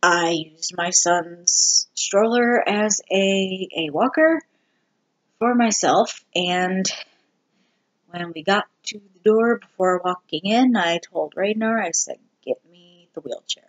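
A vlogger giving a candid personal update, talking slowly and haltingly with many ums and restarts. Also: mid-range voice, a bit bright. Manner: candid and self-deprecating. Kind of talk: casual personal health update.

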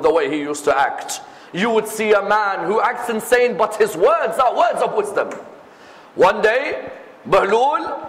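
A male preacher telling stories in a sermon, acting out each character with lively delivery. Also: sits high. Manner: animated, acts out every character. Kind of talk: sermon storytelling. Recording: echoey hall reverb.

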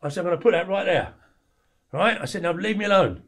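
Fast-talking man in his forties, animated storyteller. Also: high-pitched, gravelly. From England. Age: 40s. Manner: blunt, animated storyteller who acts out quoted lines. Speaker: podcast guest. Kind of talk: storytelling interview.

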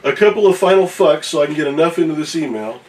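A slightly high-voiced man reads a viewer's email aloud on a casual morning show, dropping curses and jokes as he stumbles along. He sits a little away from the mic, with faint noise behind him. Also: expressive, quick pace, darkish tone, distant mic, low-quality recording. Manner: profane, joking, reads with stumbles. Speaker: show regular reading viewer mail.

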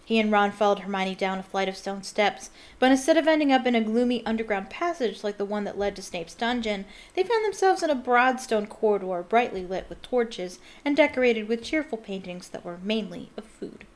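A woman fan reading a storybook aloud with expressive, chatty asides. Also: medium pitch, fairly quick, hardly any pauses. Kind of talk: casual read-aloud with commentary.

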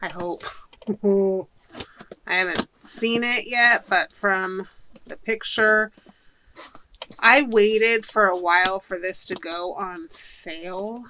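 A woman's voice: mid-range voice, slow pace, pauses often, pushed and bright, rough recording. A middle-aged woman chatting casually to viewers while unboxing a haul, with giggles along the way. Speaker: haul vlogger. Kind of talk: casual haul video chat. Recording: audible background noise.

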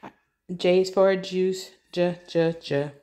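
Woman, mother reading an alphabet workbook, slow and patient, spells letter by letter, lowish voice. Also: steady tone, dark tone. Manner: patient, spells words letter by letter, repeats the child's prompts.

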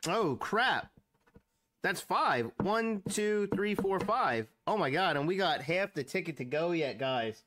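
A man's voice: high-pitched, lively intonation, slow, fairly bright tone, slight background noise. A man hosting a scratch-off ticket channel, commenting casually and exclaiming as he counts numbers aloud. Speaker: lottery scratch-off channel host.

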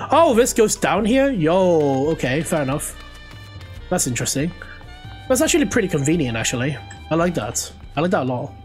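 High-voiced chatty gaming streamer man. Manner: chatty, excitable, talks to chat while playing. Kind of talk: casual live gameplay commentary.

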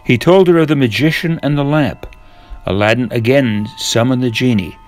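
An older man reading a fairy tale aloud to children in a gentle, measured way. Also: mid-range voice, faint music behind. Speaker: storyteller.

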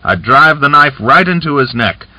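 A man voicing a hoarse, callous male Cossack who talks in a rough, offhand, boastful way. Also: medium pitch, expressive, normal speed, sharp tone, no room sound, pitched above the performer's own voice. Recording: dull lo-fi audiobook recording.

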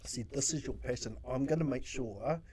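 Mellow-voiced New man telling stories. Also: medium pitch, a little fast, breathy edge. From New Zealand. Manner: acts out his own quotes, swears freely. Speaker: social worker guest. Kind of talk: casual interview storytelling.

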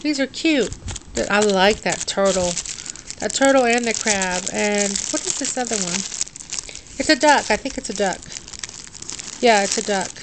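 A woman's voice: fairly high pitch, noisy background. Drowsy woman unboxing crafts at home. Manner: drowsy, sluggish and tongue-tied. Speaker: vlogger unboxing a craft package. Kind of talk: casual unboxing chat. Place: dim room at home.

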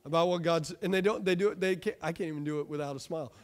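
A man pastor preaching a lively sermon with rhetorical questions, asides and jokes to his congregation. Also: a little high, racing, some chatter behind.

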